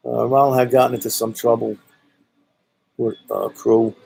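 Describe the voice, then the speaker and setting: A husky, gravelly, darkish male voice at medium pitch, level in tone and at normal speed, tells a rambling story in a Brooklyn accent. The speaker, from Brooklyn, New York, is blunt and profane and keeps saying "you know." The recording is rough.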